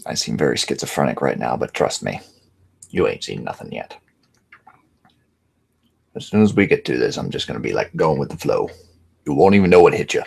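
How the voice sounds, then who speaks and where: A man using a much deeper put-on voice and accent for a mock-serious channel announcement. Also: very animated, brisk, creaky, pauses often, darkish tone, husky, exaggerated voice. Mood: theatrical. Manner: low, dramatic announcing.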